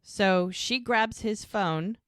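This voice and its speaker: A woman's voice: mid-range voice, slow, smooth, dry recording, clean studio sound. A woman co-hosting a podcast, casually recapping a TV episode scene by scene, with many "like"s. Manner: lively retelling of scenes with many "like"s. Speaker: podcast co-host.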